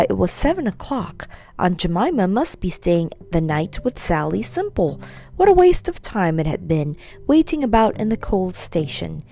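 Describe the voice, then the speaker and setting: A woman reading a children's story aloud with an expressive, lively delivery. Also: mid-range voice.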